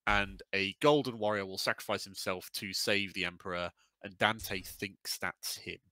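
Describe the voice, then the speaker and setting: A man chatting casually as a podcast co-host, talking in a loose, rambling, sweary way. His voice sits low but has a bright, forceful tone. The sound is dry and close. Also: steady tone, moderate pace, no echo, poor audio. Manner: rambling, frequent fillers and restarts, sweary. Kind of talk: casual chat.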